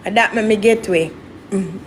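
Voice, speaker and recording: A young woman, a guest telling her story in an interview in an animated, dramatic way. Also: mid-range voice, brisk, slight background noise. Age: young adult.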